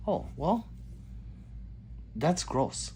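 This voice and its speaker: This man runs a gun channel livestream, reading comments from the chat aloud and answering with loose, easygoing jokes. His voice sits on the high side, swings widely in pitch, and draws words out, with a little background noise. He alternates between booming greetings and quiet mumbling.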